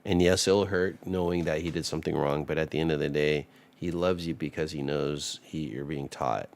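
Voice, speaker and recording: A married man casually reading scripture and reflecting on it in a relaxed, rambling way, often restarting and laughing softly. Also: rumbling low, normal speed. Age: adult married man. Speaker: Bible study vlogger.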